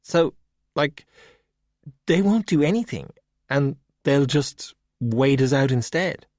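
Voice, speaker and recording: A man doing a sarcastic young woman, pitched up. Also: animated, slow pace, darkish tone, no echo. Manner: snappy, sarcastic, raised voice. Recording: dry close audiobook recording.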